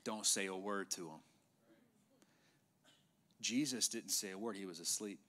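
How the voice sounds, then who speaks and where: A middle-aged male pastor preaching an emphatic sermon in a church, sometimes dropping to a hushed voice for effect. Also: fairly low pitch, a little slow. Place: church sanctuary.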